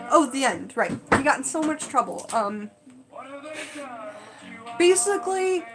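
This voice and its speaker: A woman's voice: sits high, low-quality recording. A woman chatting casually on a live stream, rambling with lots of fillers. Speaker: livestream host.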